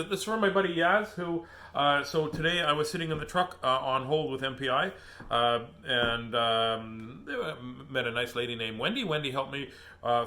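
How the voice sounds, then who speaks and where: With a mid-range voice that's pushed and bright, a middle-aged host reads children's books aloud in a casual session, constantly laughing, chatting, and wandering off onto tangents.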